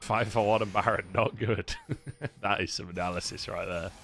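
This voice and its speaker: A man with a British accent casting a live esports match on a casual co-stream, excitable and swearing freely. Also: lowish voice, moderate pace, soft background music. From United Kingdom. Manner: excitable, swears freely, laughs between plays. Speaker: esports caster.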